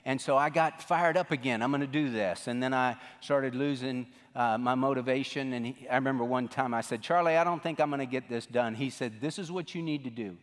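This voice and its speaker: A man's voice: mid-range voice, a little fast, hardly any pauses. A middle-aged man preaching a sermon as pastor, telling stories in a folksy way and acting out what people said. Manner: folksy storytelling, animated quoting. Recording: long reverb of a large hall.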